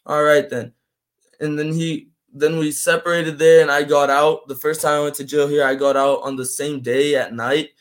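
A young man from Brazil, a native Portuguese speaker, telling his story in a casual interview, animated and full of "man" and "like". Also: on the high side, moderate pace, few pauses. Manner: animated, acts out voices in quotes, fills with "man" and "like". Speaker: guest.

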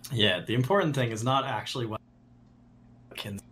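A man's voice: mid-range voice, normal speed, fairly bright tone, a little hiss or hum. A man playing in a tabletop game, talking casually and joking. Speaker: player. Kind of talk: casual chat.

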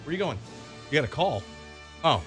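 A man's voice: on the high side, big pitch swings, fairly quick, fairly bright tone, faint music behind. A man hosting a radio show, playfully egging his guests on in casual studio banter. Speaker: radio host.

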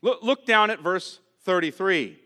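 Man, pastor preaching, bright tone, lively pitch, slow deliberate delivery. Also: in a large hall. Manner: preaching with dramatic pauses and rising emphasis. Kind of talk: sermon.

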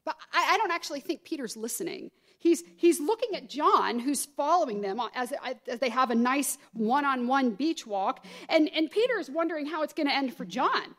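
Woman, middle-aged, pastor, sermon, slightly high voice, expressive delivery. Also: normal speed, few pauses. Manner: expressive preaching, acting out quoted voices with rising pitch.

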